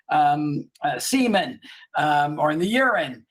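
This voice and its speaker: A man's voice: on the high side, animated, unhurried. A man co-hosting a casual chat who rambles through a comedy retelling, laughing often and acting out the lines. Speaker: podcast co-host.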